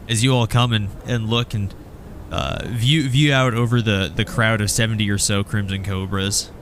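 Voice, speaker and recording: Halting low-voiced male game master. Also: slight background noise. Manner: halting, restarts often. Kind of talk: narrating a tabletop role-playing game.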